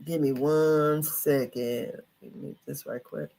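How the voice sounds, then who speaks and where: A woman's voice: low voice, steady tone, a little slow, gravelly, warm tone. A middle-aged woman hosting a casual livestream, chatty and folksy, calling her viewers honey. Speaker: livestream host.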